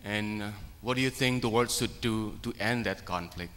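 A man's voice: fairly low pitch, moderate pace, fairly bright tone. A man from Indonesia in the audience, politely asking a formal question. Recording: reverberant lecture hall.

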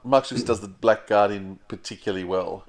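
A man's voice: fairly low pitch, fairly even intonation, normal speed. An Australian man co-hosting a podcast, giving opinionated casual review chat with laughs and restarts. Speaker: podcast co-host.

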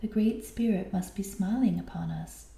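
A clever young female hyena speaking low and hushed, as a woman reading aloud puts her on. The voice is dark and mellow with some gravel. It rings in an echoey room. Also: normal speed, natural voice. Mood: content.

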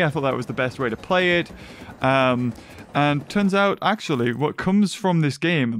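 A young man giving chatty, excitable gameplay commentary and thinking aloud as he plays. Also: fairly high pitch. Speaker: gaming video host.

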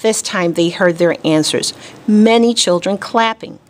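A woman teacher reading a children's storybook aloud to her class, expressive and deliberate. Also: lowish voice.

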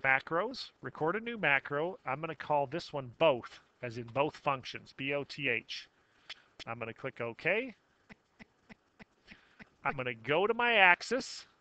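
A man teaching a math software tutorial, narrating each click step by step with casual self-corrections. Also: fairly high pitch, sing-song, a little slow, muffled recording. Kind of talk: screen-recorded software tutorial.

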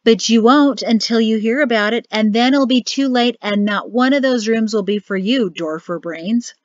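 A woman's voice: fairly high pitch, moderate pace, no echo, close to an everyday voice. A woman voicing a cocky young male lieutenant in an audiobook, taunting and dismissive. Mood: mocking. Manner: mocking, scoffing, dismissive taunts. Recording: dull lo-fi dry audio.

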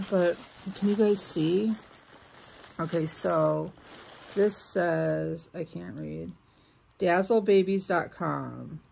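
A woman, chatting warmly through an unboxing and getting emotional, sometimes dropping to soft whispers. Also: lowish voice, gravelly, slight background noise. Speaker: vlogger opening mail. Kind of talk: casual unboxing chat.

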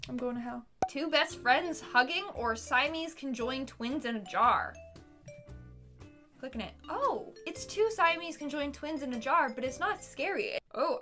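A woman reacting in a casual vlog, expressive and giggly, squealing at what she sees, talking in her studio. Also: high-pitched. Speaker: YouTuber.

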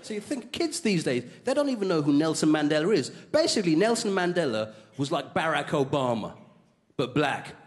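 A man doing a stand-up comedy set as host, delivering deadpan punchlines in front of a live studio audience. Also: a little high, brisk. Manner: deadpan punchlines, slips into silly put-on voices. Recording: live studio show, loud laughing audience. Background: crowd laughter.

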